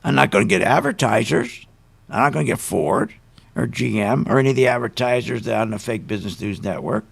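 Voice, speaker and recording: A man's voice: mid-range voice, animated, a little fast, vocal fry, slightly rough. A man hosting a talk radio show, ranting with indignant emphasis and rhetorical questions.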